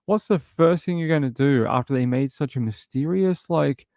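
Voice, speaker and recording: A man's voice: a little high, normal speed, darkish tone, no echo, studio quality. A man hosting a casual true crime livestream, talking bluntly in run-on bursts full of fillers.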